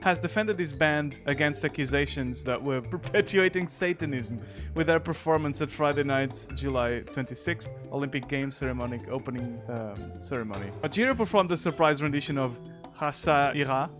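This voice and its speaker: A man whose first language is Portuguese, reading news aloud and commenting on it in a sarcastic, jokey way and laughing often. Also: fairly high pitch. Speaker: streamer.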